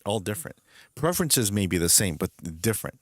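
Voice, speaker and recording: A man with a fairly low voice holds forth as a stream host, rambling through his opinions. He leans hard on his points and repeats them. The sound is dry and close, with little room tone. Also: very animated, brisk, no room sound. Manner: rambling, emphatic, repeats himself. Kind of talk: casual gaming stream commentary.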